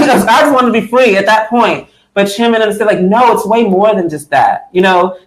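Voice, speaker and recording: A man with a high, light voice tells his story emphatically and conversationally, leaning on "you know" and acting out his past thoughts. He speaks over a computer mic on a video call. A roomy echo hangs around his words. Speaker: guest speaker for a political party. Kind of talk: impassioned personal testimony in a webinar.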